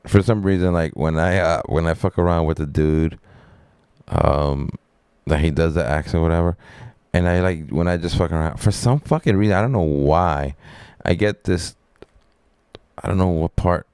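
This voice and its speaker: A man's voice: low voice, moderate pace, a little mellow, clear, resonant tone, dry recording. A man streaming live, chatting in a rambling, laid-back, profane way. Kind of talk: casual live-stream chat.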